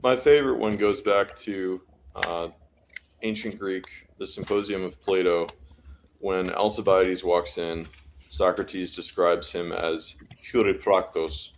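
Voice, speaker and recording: A man in a casual chat, explaining things in a measured, storytelling way. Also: low-pitched, fairly even intonation, a little hiss or hum. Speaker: guest.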